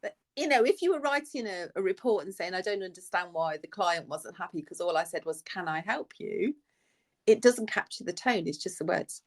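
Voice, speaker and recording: A woman's voice: fairly low pitch, a little fast, few pauses. A middle-aged woman, a nurse co-hosting an advice podcast, chatting casually and acting out the phrases she quotes. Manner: animated storyteller, acts out quoted phrases.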